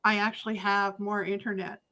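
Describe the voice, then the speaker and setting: A woman chatting casually, profane and full of quick restarts. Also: mid-range voice, level tone, sharp tone, a little hiss or hum. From Canada. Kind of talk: casual chat.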